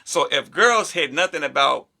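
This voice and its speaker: A man's voice: fairly high pitch, normal speed, vocal fry. A man co-hosting a podcast in casual chat, talking animatedly and acting out the people he quotes. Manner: animated, acts out quoted voices. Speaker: podcast co-host.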